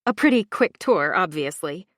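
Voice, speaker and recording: A woman reading a first-person audiobook thriller in an expressive, confiding inner-monologue style. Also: lowish voice, moderate pace, no room sound, clean studio sound. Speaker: audiobook narrator.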